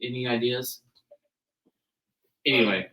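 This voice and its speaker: Young Kansas cowboy, lively storyteller, bright slightly high voice, roomy far-off mic. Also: male voice, takes it slowly. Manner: animated, laughing through the tale, acting out quotes. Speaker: guest, rodeo cowboy. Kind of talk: casual storytelling. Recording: roomy sound from a distant mic.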